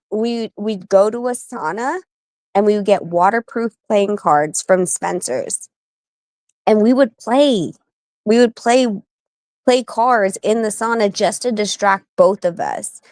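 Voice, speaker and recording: Woman in her 40s chatting on a podcast, lively storyteller, does little voices for people, dry close sound. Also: medium pitch, no echo. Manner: animated, acts out quoted voices. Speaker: guest, wife and manager of a boxer. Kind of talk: casual interview storytelling.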